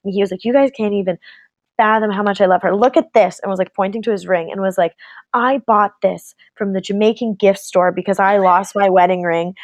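A woman's voice: mid-range voice, a little fast, dry recording. A young woman casually telling a story to a friend, laughing often and acting out what people said. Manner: animated, laughing often, quoting people in voices.

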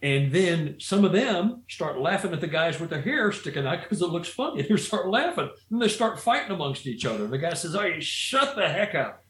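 Very animated and fairly quick, this guest storyteller talks with few pauses in a fairly high-pitched voice. His loose, rambling telling, echoing off the room, is full of restarted sentences and "you know."

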